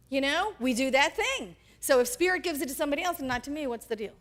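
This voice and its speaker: A woman pastor preaches a sermon, her voice riding high and swinging widely from phrase to phrase. She talks in an animated way and slips into the voices of the people in her story. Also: fast, few pauses. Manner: animated, acts out quoted characters.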